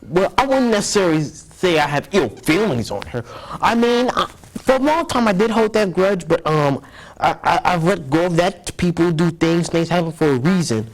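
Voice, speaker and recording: A man's voice: high-pitched, lively intonation, normal speed. A young man telling a story as an interview guest, rambling and earnest, often repeating himself.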